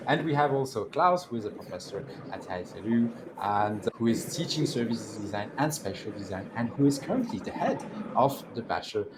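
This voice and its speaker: Animated French-accented male host. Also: lowish voice, fairly quick, noisy background. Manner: lively, animated delivery with frequent fillers. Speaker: host and moderator. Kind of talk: online panel introductions.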